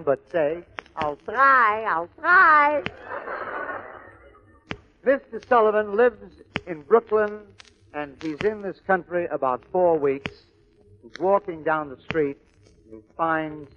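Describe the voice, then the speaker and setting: Brief: man, comedian, clipped joke-telling monologue, high voice, lo-fi old radio sound. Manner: punchy storytelling in short clipped beats. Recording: lo-fi old radio recording, faint hiss.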